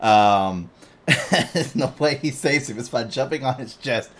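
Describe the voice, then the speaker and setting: Male podcast co-host, mid-pitched, animated and profane storyteller who keeps breaking into laughter; faint background noise. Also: slow pace. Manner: animated storyteller, swears constantly, laughs often. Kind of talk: casual chat.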